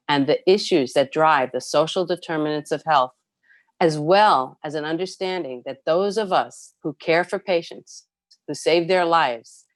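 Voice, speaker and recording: A low-pitched woman reads prepared testimony at a public hearing. She speaks earnestly and leans hard on key words. The sound is dry and close, with little room tone. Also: no echo. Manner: earnest, emphatic, reads a prepared statement with stresses and repeats. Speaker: nurses' union president testifying.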